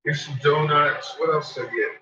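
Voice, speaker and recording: A man's voice: fairly high pitch, steady tone, moderate pace. A man chatting casually while he cooks in his home kitchen, swearing freely and teasing his dogs. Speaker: vlogger. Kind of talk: casual chat while cooking. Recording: echoey, distant, dull, noisy with dogs barking.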